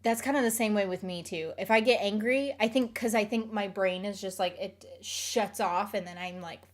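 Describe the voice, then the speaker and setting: A woman's voice: medium pitch, moderate pace. Rambling woman with a light Southern lilt. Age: late 20s. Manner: rambling, hesitant, many fillers. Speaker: streamer. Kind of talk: casual chat.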